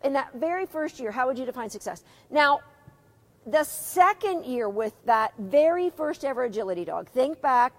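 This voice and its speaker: A woman's voice: sits high, expressive, normal speed. A middle-aged woman teaching a live dog agility seminar, chatty, asking her students questions and reading out their comments.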